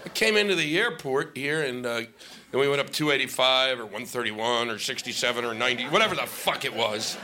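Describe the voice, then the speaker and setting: A man's voice: mid-range voice, brisk, a crowd in the background, noisy background. A middle-aged man doing a stand-up comedy set on stage, ranting and exasperated, swearing often. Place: stage before an audience.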